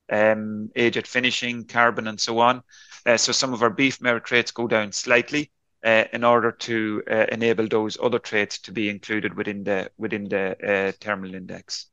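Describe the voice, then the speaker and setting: A man answering interview questions on a podcast, explaining at length in a halting way with frequent restarts and fillers. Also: mid-range voice, pushed and bright, no room sound, dull audio. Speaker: beef enterprise leader answering interview questions.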